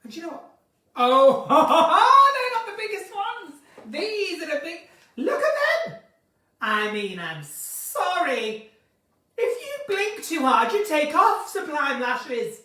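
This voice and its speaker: A woman's voice: high voice, very animated, slow, sharp tone. A woman hosting an unscripted live chat, giggly and rambling from one topic to the next. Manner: giggly, chatty, drifts between topics. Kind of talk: chatty unscripted live stream. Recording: echoey room, somewhat far from mic.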